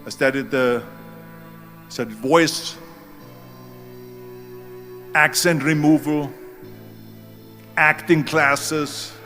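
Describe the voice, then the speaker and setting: A man's voice: on the high side, fairly bright tone. A man in his seventies with a German accent, giving a motivational speech as emphatic storytelling that leans hard on key words. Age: 70s. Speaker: speaker.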